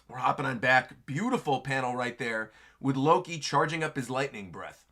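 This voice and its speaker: A man's voice: mid-range voice, animated, moderate pace, few pauses, a bit bright. A man hosting a live reaction stream, chatting with enthusiasm and laughing often as he reads through a comic chapter. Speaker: livestream host reacting to manga chapters.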